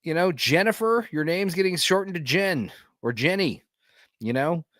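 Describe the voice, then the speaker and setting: Animated joking male podcast host. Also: a little high, moderate pace, dry recording, clean studio sound. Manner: animated, joking, rambling with fillers. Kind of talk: casual commentary watching a show.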